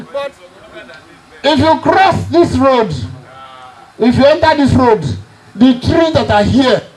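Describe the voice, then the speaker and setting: Speaking in an extremely high pitch, a middle-aged Nigerian man takes his time and pauses often, his tone a little mellow. He's a relative at a family reunion, spinning humorous stories with a chuckle and teasing the crowd, though the audio is poor.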